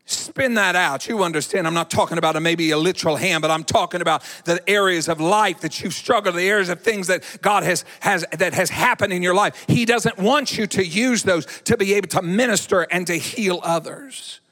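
A man preaching a sermon in an animated, dramatic way. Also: sits high, fairly quick, few pauses. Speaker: pastor. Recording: echoey hall.

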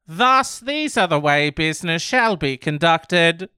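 A man's voice: on the high side, expressive, a little slow, bright, forceful tone, clean tone, no room sound, studio quality. A man mockingly voicing a pompous, self-righteous woman who owns a cinema, declaiming her beliefs. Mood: haughty.

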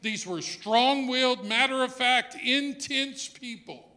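A man preaching a sermon in a church, dropping to a hush and then rising to loud emphasis as he acts out quoted lines. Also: extremely high pitch, takes it slowly. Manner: swings between hushed and loud emphasis. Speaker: pastor. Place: church hall.

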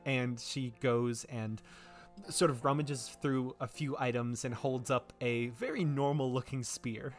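A man narrating a tabletop fantasy game as game master, in a relaxed storytelling way. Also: mid-range voice, unhurried. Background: background music.

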